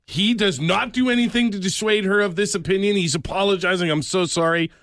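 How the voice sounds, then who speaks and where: A man's voice: sits high, fairly quick, fairly bright tone, no echo, studio quality. A man co-hosting a podcast in casual chat. He tells the story with animation and acts out the quotes. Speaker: podcast co-host.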